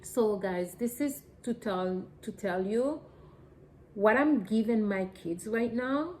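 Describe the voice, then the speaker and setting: A woman's voice: mid-range voice, expressive, slow, darkish tone, a little hiss or hum, poor audio. A woman, a mother of young children, talking earnestly and emotionally to her viewers in a personal vlog, in simple, loosely phrased English. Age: adult parent of young children. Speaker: mother sharing a personal story.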